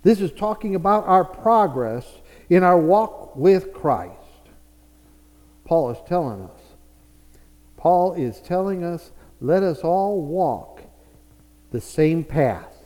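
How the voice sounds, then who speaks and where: A man preaching a sermon, telling a story with quiet asides and loud, emphatic passages. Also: high-pitched, animated, slow, pauses often. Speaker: pastor. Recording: echoey church hall.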